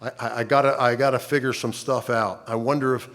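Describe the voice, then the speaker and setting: An older man giving a personal testimony to a conference, speaking conversationally with wry humor and halting restarts. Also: medium pitch, flat delivery, fairly bright tone. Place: conference stage.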